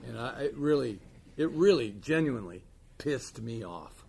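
A man's voice: mid-range voice, lively intonation, moderate pace, creaky, mellow, husky. A man giving a candid, wry personal share at a recovery meeting, telling his story with dry humor.

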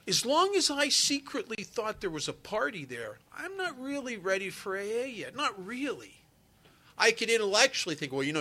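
At a recovery meeting, a man with a high, pushed, bright voice shares a personal story in a sincere, conversational manner, performing the dialogue he recounts.

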